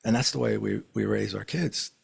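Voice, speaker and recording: A man being interviewed as a metaphysical teacher, talking in a relaxed, rambling way with many fillers. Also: fairly low pitch, normal speed, vocal fry, slightly rough. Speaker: guest, metaphysical teacher and medium. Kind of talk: casual interview storytelling.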